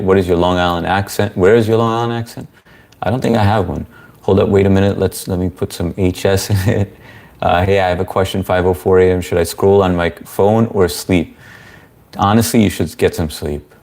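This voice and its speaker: Deep-voiced man hosting a casual livestream. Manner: relaxed, chatty, reads viewer comments aloud. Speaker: livestream host answering chat. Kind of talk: casual live-stream Q&A.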